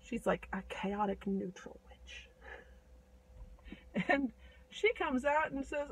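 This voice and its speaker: A woman casually retelling a fairy tale with playful asides and quick voices for the characters. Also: sits high, lively intonation, breathy edge, poor audio. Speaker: storyteller.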